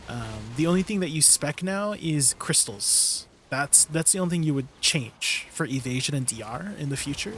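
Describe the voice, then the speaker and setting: A man's voice: medium pitch, fairly bright tone, a little hiss or hum. Chatty easygoing male game streamer. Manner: chatty and easygoing, many fillers, laughs often. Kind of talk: casual livestream chat with viewers.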